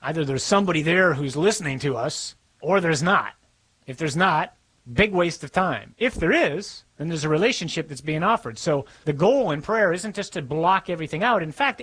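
A man's voice: a little high, fairly bright tone, poor audio. A man preaching a sermon as a priest, conversational and emphatic, repeating words for stress.

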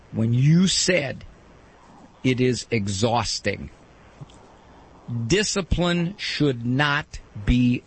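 A middle-aged man hosting a call-in advice show, lecturing emphatically with a gravelly voice. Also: medium pitch. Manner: emphatic, lecturing, breaks into quick mock quotes. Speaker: radio advice host.

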